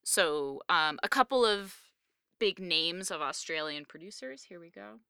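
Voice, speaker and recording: A woman co-hosting a podcast, chatting casually and wandering off on tangents, with plenty of fillers. Her voice is bright and smooth, and the sound is dry and close to the mic. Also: on the low side, animated, a little slow, no room sound. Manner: chatty and digressive, with many fillers. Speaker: podcast co-host. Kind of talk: casual chat.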